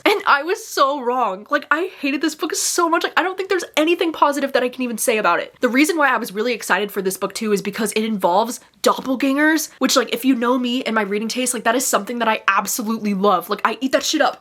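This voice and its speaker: A woman's voice: on the high side, a bit bright. A young woman giving a casual, frustrated book review, full of "like" and swearing. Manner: frustrated, heavy use of "like" and swearing.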